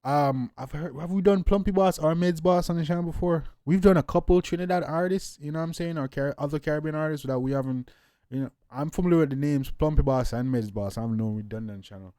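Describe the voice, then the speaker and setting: A man's voice: fairly high pitch, quick pace, mellow, no echo, studio quality. Hyped-up man hosting a music reaction. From Jamaica. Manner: loose and hyped, peppered with "yeah, man". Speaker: music reaction channel host. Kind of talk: casual reaction commentary.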